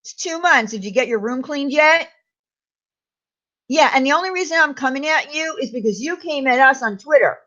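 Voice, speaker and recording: A high-pitched woman vents her anger on her own channel, throwing out sarcastic questions and repeating names with indignation. The sound is muffled and lo-fi. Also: lively intonation, moderate pace, bright, forceful tone. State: angry. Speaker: YouTube commentary host. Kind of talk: angry ranting commentary.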